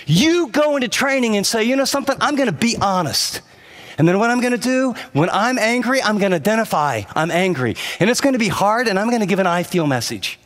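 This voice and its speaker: A man's voice: big pitch swings, fairly quick, a bit bright. A middle-aged man preaching a sermon as pastor, telling a story from his marriage and then exhorting with rising intensity. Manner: earnest, storytelling preacher who rises in pitch when exhorting. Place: large church auditorium. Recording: long hall reverb.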